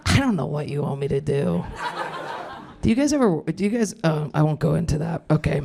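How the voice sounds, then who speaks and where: This stand-up comic, a woman in her thirties, has a deep voice with vocal fry. She does crowd work at a club, rambling, interrupting herself, and laughing at her own material.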